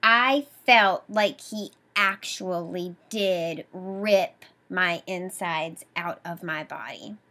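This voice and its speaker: A woman's voice: fairly low pitch, slow pace, hardly any pauses, pushed and bright. A young adult woman hosting a podcast, retelling a painful personal story with emotion and quoted dialogue. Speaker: podcast host.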